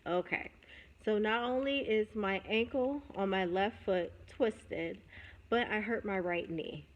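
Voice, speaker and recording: A young adult woman telling a personal story, candid and reflective, pausing and restarting as she goes. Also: medium pitch, lo-fi sound. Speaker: vlogger.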